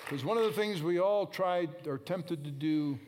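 A male preacher with a high voice delivers an emphatic, repetitive sermon at a normal speed, calling out to the congregation and pausing for their answers. Background noise is audible.

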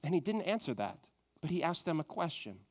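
A man preaching a sermon, moving from loud emphatic questions to a soft, hushed tone. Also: a little high, sing-song, a little fast. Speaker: pastor.

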